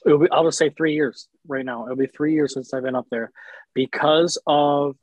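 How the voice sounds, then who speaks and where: A man's voice: fairly high pitch, steady tone, moderate pace, dry recording, dull audio. A man, a professional wrestler, telling rambling profane stories in casual chat, often stopping to apologize.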